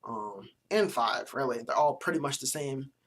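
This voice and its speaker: A man's voice: mid-range voice, normal speed, a bit bright, breathy edge. A young man giving casual, profane commentary as a vlogger, blunt and mocking with plenty of slang. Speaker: vlogger reviewing sports jerseys.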